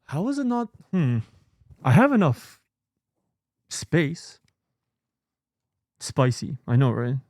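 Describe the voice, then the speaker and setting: A man's voice: fairly high pitch, big pitch swings, slow, long pauses, a little mellow, no echo, studio quality. A man hosting a live stream, talking casually and in a scattered, muttering way while sorting files, swearing freely now and then. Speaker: streamer host.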